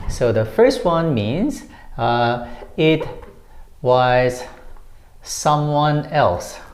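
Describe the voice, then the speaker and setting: A woman teaching English, explaining word meanings slowly and patiently, repeating the key phrases. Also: very deep voice, animated, echoey room. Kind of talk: explaining English usage to learners.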